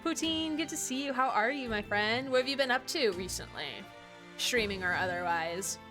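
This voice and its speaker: A woman's voice: on the high side, moderate pace, over music. A woman streaming a game, giggling, swearing freely and voicing characters in playful commentary.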